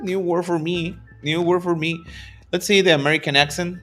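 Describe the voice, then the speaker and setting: A man's voice: a little high, steady tone, moderate pace, a bit bright, faint music behind. A man whose first language is Spanish, teaching English to programmers in a casual lesson, switching between Spanish and English and laughing often at his own asides.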